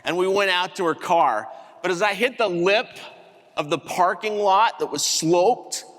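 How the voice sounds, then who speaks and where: A man giving a keynote talk, telling a story in an animated way and acting out the voices of the people in it. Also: high voice, a little slow. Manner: animated storyteller, acts out quotes. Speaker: keynote speaker. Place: large conference hall. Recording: hall reverb.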